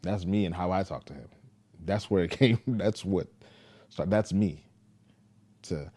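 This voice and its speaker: A father talking casually to the camera, telling a parenting story in a laid-back, deliberate way. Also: low voice, warm tone.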